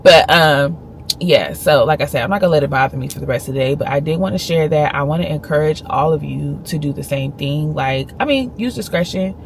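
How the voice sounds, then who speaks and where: A woman in her thirties tells a personal story straight to the camera in a low, steady voice. She talks earnestly and with emphasis, recounting what was said. A faint hum of ambience runs underneath. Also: brisk, vocal fry. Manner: earnest and emphatic, retelling a conversation. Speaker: vlogger. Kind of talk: casual storytelling vlog.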